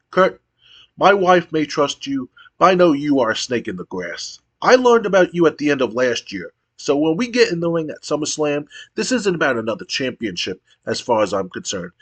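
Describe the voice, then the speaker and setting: An angry male wrestler voiced by a man in a game playthrough, threatening his rival in a menacing tone. The voice is a bit high. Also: husky.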